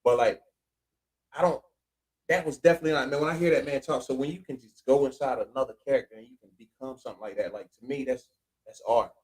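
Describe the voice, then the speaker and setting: A man's voice: medium pitch, fast talker, rough recording. A man hosting a casual podcast, telling stories in a laid-back way and talking straight to his listeners. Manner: laid-back storytelling, talks to listeners directly. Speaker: podcast host. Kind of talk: casual chat.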